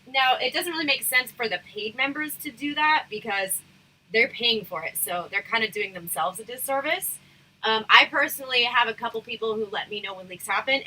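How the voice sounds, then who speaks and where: A woman hosting a casual livestream chat, talking frankly and rambling with lots of fillers, her voice going hoarse. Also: on the high side, pushed and bright, rough recording. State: losing her voice, throat irritated. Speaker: livestream host.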